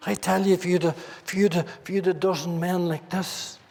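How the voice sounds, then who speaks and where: Earnest Northern Irish preacher in a hall. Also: male voice, high voice, steady tone, fairly quick, vocal fry, darkish tone. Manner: earnest preaching, rhetorical questions to the congregation. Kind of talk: sermon. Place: church meeting hall.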